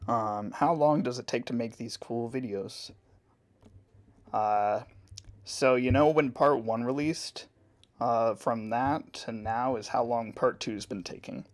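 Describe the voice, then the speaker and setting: Man streamer, mid-pitched, easygoing live chat delivery. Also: slow. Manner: relaxed, chatty, laughs between answers. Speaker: streamer drawing and answering chat.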